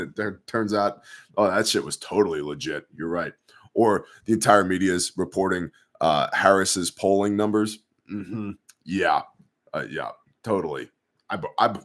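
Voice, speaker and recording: A man's voice: deep voice, lively intonation, moderate pace. A man hosting a casual news commentary show, talking in a sarcastic, profane, conspiratorial way and reading viewer emails.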